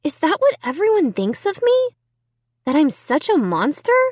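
A woman's voice: sits high, wildly swooping pitch, moderate pace, a little mellow, no echo, pitched above the performer's own voice. A woman voicing a frantic young girl who insists she is innocent, in a trembling voice. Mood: anxious.

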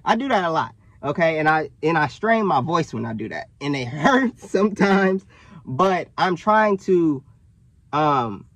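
A young man, talking casually to camera in an animated way, full of fillers and self-corrections. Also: a little high, no room sound. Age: young adult. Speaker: vlogger. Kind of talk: casual direct-to-camera talk.

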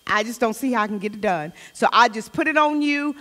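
A woman's voice: on the high side, lively intonation, brisk, bright, forceful tone, big-room sound. A woman leading a Bible study in a chatty, informal way, reading scripture aloud between personal remarks. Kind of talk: conversational Bible study teaching. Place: church hall.

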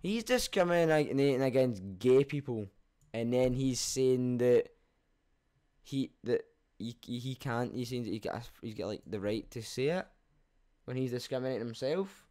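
This YouTuber is a young Scottish man going through comments on his channel, answering with cheeky jokes, plenty of swearing and self-deprecating laughs. He speaks at medium pitch and a moderate pace, animated, with a dark tone.

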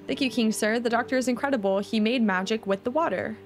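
A woman's voice: a little high, quick pace, soft background music, close to an everyday voice. A woman reading aloud the lines of a curious, polite young girl from a video game. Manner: reading dialogue aloud plainly.

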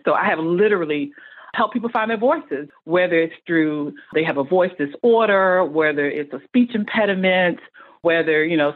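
A middle-aged woman talks in an earnest, motivational way, stacking up emphatic lists. Her voice sits fairly low. The sound is thin and tinny, like a phone call. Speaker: guest, speech-language pathologist. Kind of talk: podcast interview.

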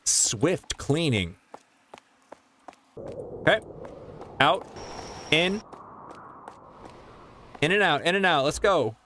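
A man's voice: on the high side, big pitch swings, extremely slow, long pauses, sharp tone, a little hiss or hum. A man doing live commentary on a horror game, exclaiming and laughing as he plays. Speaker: streamer.

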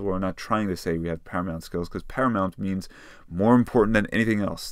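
A man with a very low voice explains a test question as a tutor. He talks it through in a conversational way and thinks aloud as he goes. The recording is dry and close, with no room sound. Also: moderate pace, no room sound.

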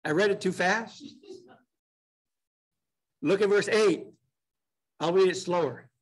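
In a church classroom, a man with a fairly high voice leads a midweek Bible study, teaching casually and conversationally. He slows down to read scripture aloud and puts questions to the class, and the recording is rough.

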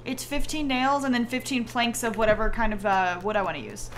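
A woman streaming a game, chatting casually and getting excited at cute things. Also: on the high side, brisk, a little hiss or hum. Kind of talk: casual gaming chat.

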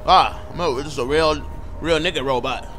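A man giving comedic gameplay commentary, brash and profane, jeering at the characters on screen. His voice is high and bright. Faint game music runs underneath. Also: normal speed. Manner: loud, profane, joking, talks back to characters. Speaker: gamer.

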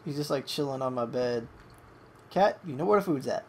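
A young adult gamer giving excitable live commentary over a match, swearing at opponents and coaxing a pet between plays. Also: mid-range voice, normal speed, slight background noise.

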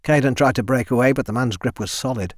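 A man narrating a fantasy audiobook in a steady, measured way, close to the mic. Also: mid-range voice, dry recording. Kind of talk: scripted narration.

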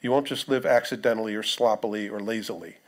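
A man's voice: lowish voice, fairly even intonation, fast talker. A male pastor preaching a sermon in a conversational way, reading scripture aloud and putting questions to the congregation.

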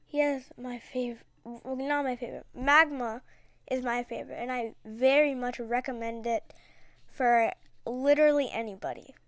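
High, dry-voiced chatty gamer woman. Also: fairly even intonation, moderate pace, no room sound. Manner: chatty, dramatic, slangy, rambling. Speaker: gaming video creator. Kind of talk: casual gameplay commentary.

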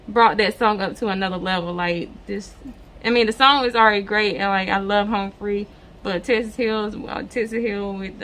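A woman hosting a reaction video, congested and slightly raspy, chatting casually with lots of fillers. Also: mid-range voice, fairly bright tone. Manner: enthusiastic, many fillers. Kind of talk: casual chat.

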